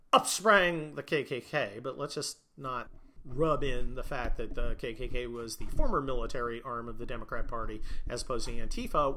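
Sarcastic, profane man with a bright voice. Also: medium pitch, slight background noise. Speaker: podcast host. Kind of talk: sarcastic political rant.

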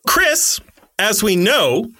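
A man co-hosting a podcast, joking and quick to laugh in casual banter. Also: sits high, big pitch swings, pushed and bright. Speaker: podcast co-host.

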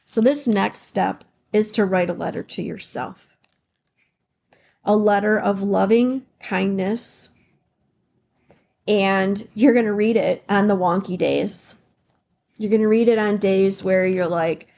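Gravelly-voiced woman giving encouraging advice. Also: medium pitch, a little slow. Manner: warm, encouraging, speaks in rhetorical questions; fillers and restarts, emotional at times. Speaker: podcast host. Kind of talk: supportive self-help talk.

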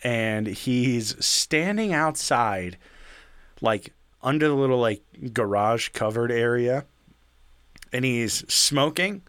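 A man's voice: medium pitch, lively intonation, takes it slowly, fairly bright tone, clear, resonant tone, dry recording. A young man on a podcast telling a story in a casual, rambling way, full of fillers and swearing.

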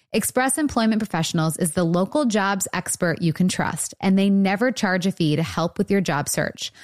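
A woman reading scripted ads in an upbeat, smooth voice, rushing through the disclaimers. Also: medium pitch, dry recording, clean studio sound. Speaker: ad announcer. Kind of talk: scripted ad read.

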